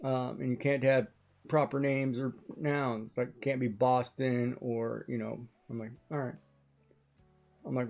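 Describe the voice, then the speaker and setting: A man chatting casually on a stream, retelling a story in a rambling, animated way. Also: mid-range voice, normal speed, vocal fry, faint music behind.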